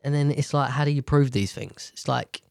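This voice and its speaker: A man's voice: medium pitch, normal speed, vocal fry, dry recording, clean studio sound. A man hosting a solo podcast from a table at home, rambling in casual chat, swearing freely and often restarting his sentences. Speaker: podcast host.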